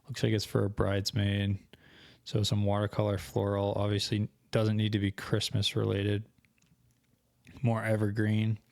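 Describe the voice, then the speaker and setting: A young man talks through a tutorial on his screen, thinking aloud and catching his own slips. His voice sits low, with little rise and fall, and is going a bit hoarse. The sound is dry and close to the mic. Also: no echo. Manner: thinking aloud, casual, self-correcting. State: losing his voice. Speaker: co-host of an online selling channel. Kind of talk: screen-share tutorial walkthrough.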